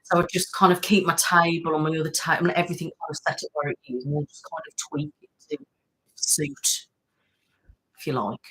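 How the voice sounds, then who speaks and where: Woman, ASMR host, low husky voice, casual live-stream chat. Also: brisk, a bit bright, low-quality recording. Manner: chatty, thanks viewers by name, trails off. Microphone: studio mic.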